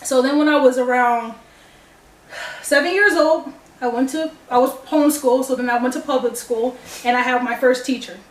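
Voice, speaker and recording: A young woman vlogger tells a personal story to the camera, animatedly acting out the dialogue. Her voice is high and her pace is moderate. The room is echoey and the mic is distant.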